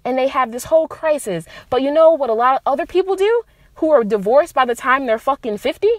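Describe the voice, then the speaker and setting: A woman's voice: a little high, a little fast, no echo. Blunt, profane woman podcaster. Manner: blunt and profane, emphatic, animated rises on key points. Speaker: podcast host. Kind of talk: casual monologue giving relationship advice.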